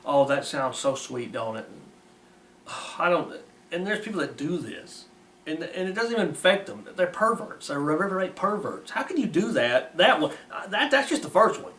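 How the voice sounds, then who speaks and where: A man's voice: high voice, sing-song, normal speed, bright, forceful tone. A man reading aloud and delivering blunt, mocking moral commentary in folksy, plain-spoken grammar. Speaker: preacher. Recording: roomy, distant mic with faint hiss.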